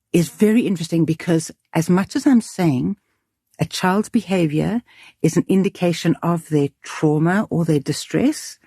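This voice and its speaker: This school head's voice sits on the low side, mellow and slightly rough with some vocal fry. Speaking earnestly and with emphasis in a reflective interview, she thinks aloud and restarts her phrases, captured cleanly in the studio without echo.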